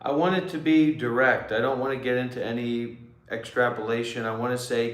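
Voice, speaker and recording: A man chats on a livestream in a loose, joking way, wandering off and restarting his thoughts. His voice sits at an ordinary middle pitch. The sound rings in a roomy space. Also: fairly even intonation, a little fast. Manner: joking, rambling, restarts often. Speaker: livestream meditation host, former monk. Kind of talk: casual livestream chat.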